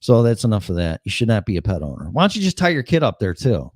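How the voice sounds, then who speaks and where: Show host, 60s man, Chicago accent, low-ish voice, blunt and profane, dry sound. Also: huge pitch swings, fast, darkish tone, no room sound. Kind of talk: casual live-stream monologue.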